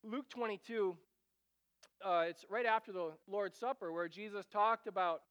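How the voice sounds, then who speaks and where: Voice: medium pitch, a little slow, a bit bright, clear, resonant tone, dry recording, highs cut off. A preacher giving an earnest sermon, reading scripture aloud and breaking off for casual asides and repeated phrases.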